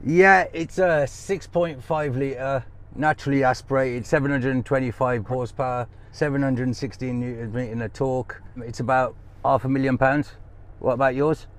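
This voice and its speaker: A man's voice: medium pitch, fairly even intonation, moderate pace. A man, a racing driver, chatting in a modest, laid-back way with short answers. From England. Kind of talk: casual chat.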